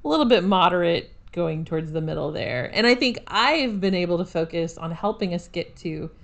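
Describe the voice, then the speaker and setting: A woman in her thirties co-hosts a podcast in casual chat. Her voice sits low for a woman. She talks in a chatty, self-deprecating way and drops in sarcastic asides. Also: lively intonation, a little fast, vocal fry. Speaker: podcast co-host.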